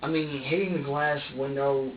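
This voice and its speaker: A man's voice: mid-range voice, fairly even intonation, moderate pace. A young man under police questioning, confessing in an agitated, profane, stammering way, repeating himself as he talks. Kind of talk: emotional confession. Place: police interview room. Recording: distant, roomy, dull recording with faint hiss.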